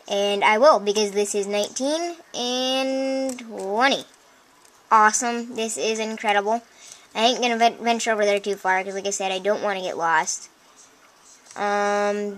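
A woman commenting on her own video game play, chatty and easily excited, often breaking into exclamations and talking straight to her viewers. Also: medium pitch. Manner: chatty, addresses viewers directly. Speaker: let's play host. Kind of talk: gameplay commentary.

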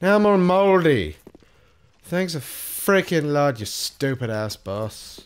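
Excitable, foul-mouthed male gamer. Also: fairly high pitch, slow pace. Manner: excitable, swears often, yells at the game. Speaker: gaming channel host. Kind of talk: live gameplay commentary. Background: game music.

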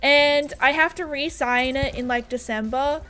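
A woman's voice: sits high, fairly even intonation, a little slow, pushed and bright, soft background music. A young Australian woman streaming a game and chatting casually with her viewers. She talks in a bubbly, scattered way, full of "like" and giggles. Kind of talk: casual livestream chat, reading viewer comments.

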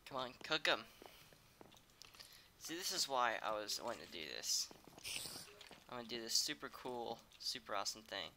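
Young man, game streamer, grumpy, swearing, average pitch, noisy recording, typing behind. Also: lively intonation, normal speed, long pauses, pushed and bright. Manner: irritable, swearing, sudden angry outbursts. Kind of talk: casual gameplay streaming. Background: keyboard typing and mouse clicks.

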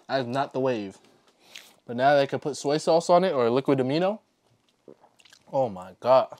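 A man vlogging casually as he eats a meal, excited and often talking with his mouth full. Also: mid-range voice, unhurried, pauses often. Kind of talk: casual eating vlog.

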